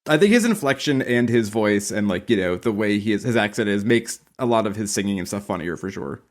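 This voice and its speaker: A man's voice: lowish voice, expressive, brisk. Wry, joking man. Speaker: podcast co-host. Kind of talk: casual podcast chat.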